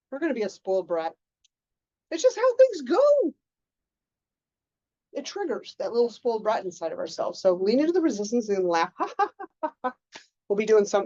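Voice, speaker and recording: A woman coaching a group in a casual lecture, animated, often acting out her own inner voices. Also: a little high, dry recording, highs cut off. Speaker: mindset coach.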